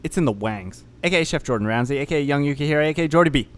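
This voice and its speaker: A man co-hosting a podcast over an online voice call, riffing loosely, swearing and breaking into bursts of yelling. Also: fairly high pitch, expressive, very fast. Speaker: podcast co-host. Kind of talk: rowdy casual chat on a call.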